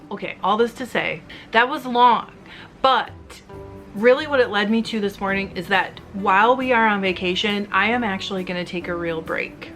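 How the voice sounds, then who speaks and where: A middle-aged woman who makes fiber arts videos, chatting candidly and emotionally with viewers while she spins, rambling with quick asides and a slightly teary edge. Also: mid-range voice, fairly bright tone. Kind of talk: casual chat to viewers while spinning.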